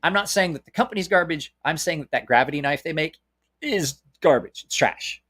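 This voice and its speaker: A man's voice: fairly high pitch, lively intonation, fairly quick, a bit bright. A man with a Southern American accent hosting a casual knife chat, blunt and opinionated, swearing freely, with lots of stops and restarts. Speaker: knife channel host. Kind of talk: casual live-stream chat.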